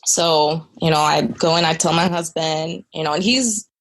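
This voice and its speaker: A young woman speaks low in her range, with a gravelly edge of vocal fry. She tells a personal story as a podcast guest, candid and earnest, and fills her talk with casual asides. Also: moderate pace. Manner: conversational, filler-heavy, earnest.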